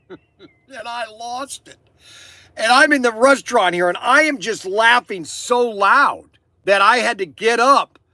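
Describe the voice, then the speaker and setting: An older toy shop owner and channel host delivers a rambling, casual monologue to camera from inside his store, opinionated and full of laughs and restarted sentences. His very high voice is pushed and bright, with studio-quality sound and no room noise.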